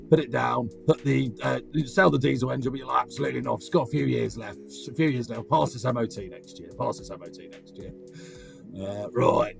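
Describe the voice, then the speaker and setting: A man from Berkshire doing a gravelly, growling impression of a gruff football manager on a livestream. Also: medium pitch.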